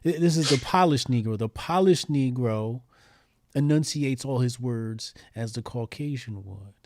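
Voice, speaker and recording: A man's voice: medium pitch, unhurried, a little mellow, dry recording. A man hosting a casual talk show, speaking in an emphatic, provocative, slangy way. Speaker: host. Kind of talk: casual commentary chat.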